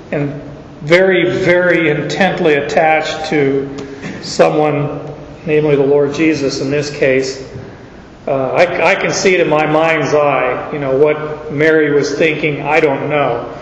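A man's voice: a little high, slight background noise. A man preaching a sermon, explaining scripture in a folksy way with stories from his own life. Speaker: pastor. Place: large church hall. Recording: echoey dull church hall recording.

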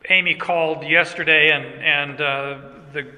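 A man's voice: on the high side, steady tone, a little slow, bright, forceful tone. An older man preaching a sermon in a church, casual and joking, talking directly to his congregation. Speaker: pastor. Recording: long church reverb.

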